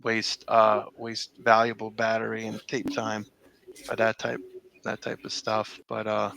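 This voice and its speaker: A man's voice: fairly low pitch, monotone, measured pace, gravelly, a crowd in the background, poor audio. A middle-aged man recalling old times in a casual interview, rambling with many fillers and restarts. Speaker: interview guest.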